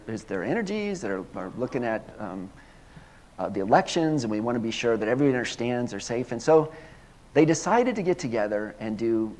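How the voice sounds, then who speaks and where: A male minister preaching a sermon, earnest, often repeating and restarting words, then moving into a slow hushed guided prayer. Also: on the low side. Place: church sanctuary.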